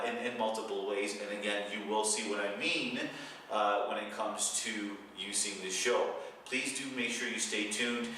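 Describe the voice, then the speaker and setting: A man's voice: mid-range voice, pushed and bright, a little hiss or hum. Rambling male host in an echoey room. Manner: formal, wordy, rambling. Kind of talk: show introduction. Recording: very echoey room, mic far off.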